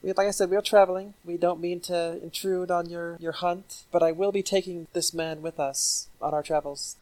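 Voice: mid-range voice, fairly even intonation, moderate pace, darkish tone. A player in a tabletop game, talking casually and speaking politely and evenly in character.

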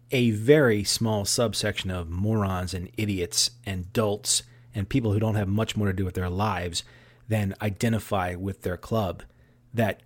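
Podcast cohost guy, lowish voice, wry and opinionated, talks in full neat sentences. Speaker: podcast co-host. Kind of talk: casual soccer podcast chat.

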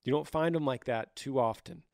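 In a dry, studio-quality recording, a podcast host with a mid-range, gravelly voice speaks at a moderate pace. He offers casual advice in an earnest, chatty manner, his voice a little scratchy, restarting sentences and laughing softly.

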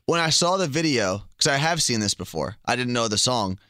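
A man's voice: mid-range voice, lively intonation, fairly quick, pushed and bright, dry recording, studio quality. A young American man co-hosting a radio show, chatting casually and joking. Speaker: radio co-host. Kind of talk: casual chat.

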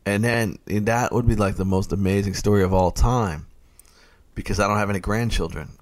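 Guy hosting a fantasy football show, pumped up and goofy, low voice, dead dry sound. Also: brisk, no echo. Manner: energetic, joking, hyped-up. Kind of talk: casual solo radio show chat.

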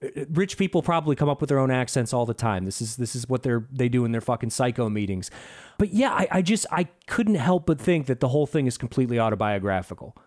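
A man hosting a casual podcast, giving a sarcastic, profane and animated movie review. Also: mid-range voice, fast.

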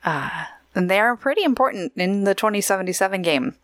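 A woman co-hosting a podcast in casual chat, giggly and chatty, reading out shout-outs and promos. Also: mid-range voice, lively intonation, brisk, no echo, clean studio sound. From Oregon, USA. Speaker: podcast co-host.

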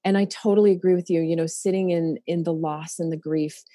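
Mellow low-voiced woman, open and emotional. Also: fairly even intonation, fairly quick, no room sound, studio quality. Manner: open, emotional, many fillers and restarts. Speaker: therapist. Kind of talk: casual podcast conversation.

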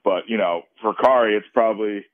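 A male actor calls into an interview and rambles with lots of restarts, laughing easily. His voice sits low and sounds dry. It comes through a thin, tinny phone line. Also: brisk, no echo. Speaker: actor guest. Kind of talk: casual interview over phone.

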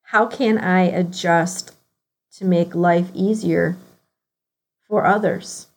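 A woman with a Midwestern American accent hosting a reflective motivational podcast, earnestly posing one question after another and slowing down on key words. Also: on the low side, steady tone. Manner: earnest, asks herself a string of questions, slows on key words. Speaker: podcast host.

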